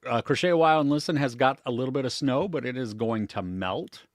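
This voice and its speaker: A man's voice: mid-range voice, fast talker, no room sound, clean studio sound. A man co-hosting a livestream, chatty and giggly as he greets commenters. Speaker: co-host reading live chat. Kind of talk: casual livestream chat.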